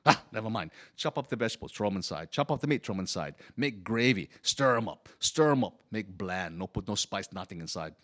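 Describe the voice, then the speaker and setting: A man's voice: fairly low pitch, expressive, fairly quick, hardly any pauses, fairly bright tone. A storyteller playing a humble Chinese immigrant man. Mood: wistful. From Hawaii. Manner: broken immigrant English. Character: male Chinese immigrant laborer, humble and good-humored. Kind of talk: first-person character storytelling.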